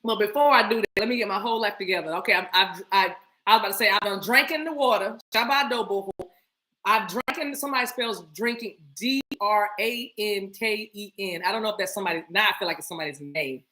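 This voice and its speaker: Brief: playful woman spiritual reader, bright and forceful tone, casual chat with viewers. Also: mid-range voice, fast. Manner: animated, breaks into bursts of speaking in tongues; playful, laughs often, talks to viewers as y'all. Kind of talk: casual spiritual reading session.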